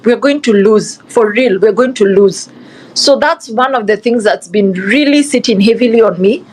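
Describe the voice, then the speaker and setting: Woman, young, Kenyan accent, fervent, repeats herself, Swahili phrases, higher voice. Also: normal speed, a little mellow, slightly rough, poor audio. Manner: passionate, repetitive, switches into Swahili. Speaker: participant in online discussion. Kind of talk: impassioned live audio discussion.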